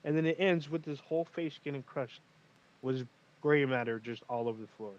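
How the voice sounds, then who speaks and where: A man's voice: medium pitch, normal speed, lo-fi sound. A man casually recapping an episode on a livestream, rambling and swearing as he retells it. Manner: rambling, profane, animated retelling. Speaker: podcast co-host.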